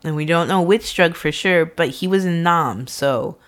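A woman's voice: lowish voice, normal speed. A woman hosting a true-crime podcast, telling the case in casual chat, laughing often and swearing freely. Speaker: podcast host, narrator of the case.

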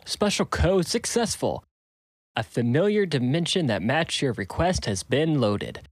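A man voicing a calm automated phone voice that announces travel and reads an ad. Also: on the high side, no room sound, pitched above the performer's own voice. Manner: announcing, ad-like delivery.

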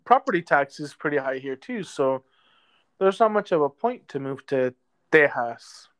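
A man co-hosting a casual podcast, laid-back and drawn-out, with many ums. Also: fairly high pitch, animated, a bit bright. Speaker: podcast co-host. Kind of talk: casual chat. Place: lives in a southern US metro area.

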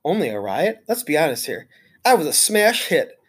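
A reader voicing an excited little classroom hamster who squeaks his words in a high, eager voice, as in a storybook read aloud. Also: moderate pace, slightly rough. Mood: cheeky.

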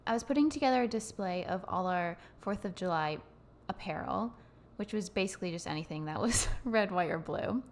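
A young woman co-hosting a podcast, telling stories in an emotional, animated way. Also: medium pitch, a little fast, slight background noise. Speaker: podcast co-host. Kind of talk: casual chat.

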